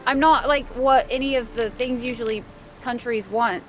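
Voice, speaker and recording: While gaming live, a woman keeps up casual chat with viewers, calling out thanks by name and laughing easily. She speaks at a fairly high pitch and normal speed, over faint game music.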